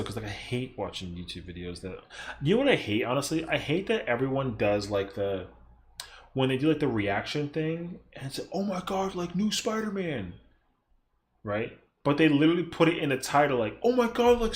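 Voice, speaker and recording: An excitable young man chatting on his stream at an ordinary middle pitch, his voice leaping up and down as he tells stories. He rambles, swears freely and throws in exaggerated impressions of other people. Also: moderate pace, slight background noise. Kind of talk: casual stream chat.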